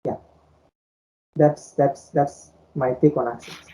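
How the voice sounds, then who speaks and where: With a slow, dark, bass voice and fairly even intonation, this woman co-hosts a podcast, rambling casually and repeating herself with plenty of "you know"s. She is from French-speaking Africa and speaks Fulani natively. The audio is dull and lo-fi.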